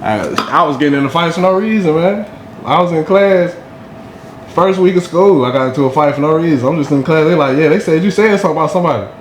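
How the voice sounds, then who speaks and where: Fairly quick with a voice on the high side, a man from Durham, North Carolina, guests on a podcast. He casually recounts a school-days story in slangy fashion, constantly saying "you know what I'm saying," while an echoey room adds a faint hum.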